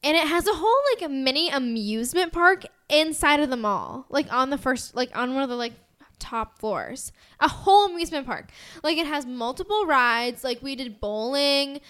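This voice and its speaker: A woman's voice: high-pitched, animated, normal speed, fairly bright tone. A young woman with an American accent, chatting casually as a podcast co-host, rambling with lots of fillers and giggles. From United States. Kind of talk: casual chat.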